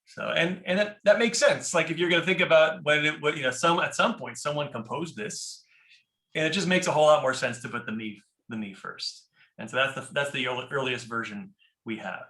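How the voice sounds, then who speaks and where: A man's voice: a little high, a little fast, bright, forceful tone, echoey room. A man teaching a class on a prayer book, explaining step by step and often checking in with "right?". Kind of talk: informal class lecture.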